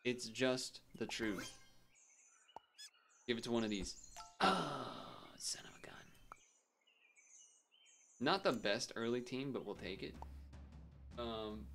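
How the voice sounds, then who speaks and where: A man's voice: mid-range voice, slow pace, vocal fry, long pauses, fairly bright tone, slight background noise. A man streaming a game, chatting casually and rambling through a story with frequent chuckles. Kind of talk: casual gameplay commentary.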